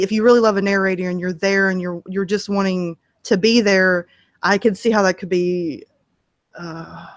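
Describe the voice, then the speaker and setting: A woman's voice: medium pitch, dry recording, studio quality. A woman guest in a casual interview, telling stories in a chatty way and laughing often. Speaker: interview guest, story narrator.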